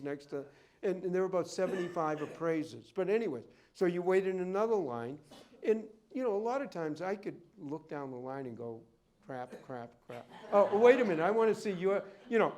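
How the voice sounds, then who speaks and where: Rambling anecdotal man, somewhat high voice. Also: darkish tone. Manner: rambling storyteller, goes off on tangents. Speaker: rare book dealer and appraiser giving a library talk. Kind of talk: public talk with anecdotes. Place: library event room.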